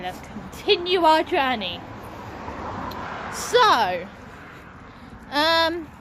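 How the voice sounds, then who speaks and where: A young woman talking casually into her phone while walking down a street, chatty and swearing freely. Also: a little high. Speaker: vlogger. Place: outdoors on a busy street by a bus stop. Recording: loud street traffic noise outdoors. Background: passing traffic and buses.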